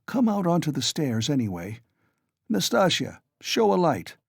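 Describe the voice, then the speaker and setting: A male narrator voicing a tipsy young man who blusters loudly and emphatically. His voice sits raised above its usual pitch in a dry, close recording. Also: wildly swooping pitch, unhurried, vocal fry, husky, no room sound, heavily acted. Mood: blustering.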